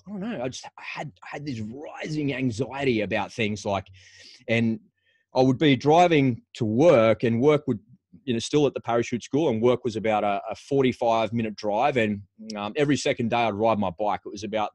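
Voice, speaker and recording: A man's voice: mid-range voice, darkish tone, no echo. A middle-aged man and former paratrooper telling a personal story frankly as a podcast guest, often restarting his phrases. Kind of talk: candid storytelling in a podcast interview.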